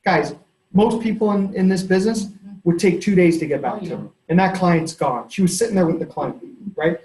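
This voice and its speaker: A man, a company head giving a sales training in a lively, storytelling way. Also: high-pitched, moderate pace. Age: 30s. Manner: energetic, conversational, storytelling with laughs. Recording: echoey room.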